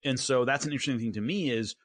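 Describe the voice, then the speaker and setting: A man co-hosting a casual sports podcast, telling stories with lively acted-out quotes. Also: medium pitch, very fast, no echo, clean studio sound. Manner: animated storyteller, acts out quotes. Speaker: podcast co-host and MMA commentator.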